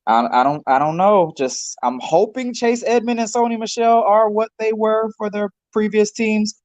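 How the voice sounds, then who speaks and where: A man's voice: sits high, moderate pace, darkish tone, dry recording. A man co-hosting a sports podcast, blunt and opinionated in casual chat. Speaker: podcast co-host.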